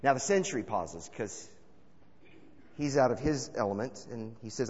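A man preaching a sermon, telling stories and swinging between loud calls and hushed asides. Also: mid-range voice, expressive, moderate pace, breathy edge, big-room sound, dull audio. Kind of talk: sermon with storytelling.

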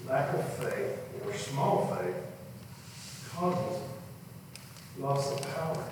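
A man preaching in a church hall, his slow, unhurried sermon ringing through a long, echoey reverb. He is some distance from the microphone, and faint room ambience hangs behind him. He tells his stories with animation and acts out the voices in them. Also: medium pitch, background noise. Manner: animated storytelling, acting out voices in quotes.

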